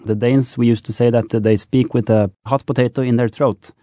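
A man from Norway with a Norwegian accent, answering as a guest in a calm, matter-of-fact way. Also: mid-range voice, moderate pace, dry recording, studio quality.

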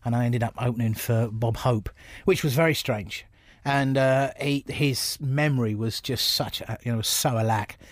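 A middle-aged man from England, telling stories from his stand-up career in an animated, laughing way. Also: medium pitch, normal speed, dry recording, studio quality. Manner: animated storyteller, laughs often. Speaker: comedian guest. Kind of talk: casual anecdotal chat.

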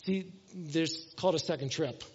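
A man's voice: a little high, moderate pace, a little mellow, breathy edge. A middle-aged male pastor preaching a conversational sermon, asking the congregation questions and acting out everyday scenes. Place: church hall. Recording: dull sound with long hall reverb.

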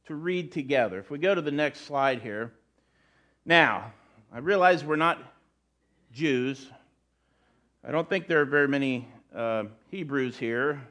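A middle-aged male pastor delivers a sermon in a loose, conversational manner. He restarts phrases and drops in asides as he explains, his voice sitting a little higher than most men's. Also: a bit bright.

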